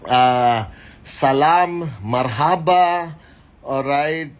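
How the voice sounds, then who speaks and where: A man hosting a live stream, greeting viewers by name and giving a motivational talk in an energetic, casual way. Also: on the high side. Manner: energetic, reads names quickly, speaks directly to the audience. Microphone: phone.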